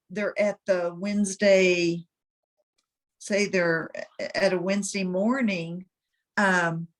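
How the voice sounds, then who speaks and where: A woman leading a casual planning meeting, encouraging the group and stumbling over restarts. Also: mid-range voice. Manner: encouraging, with false starts. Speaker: group leader rallying members.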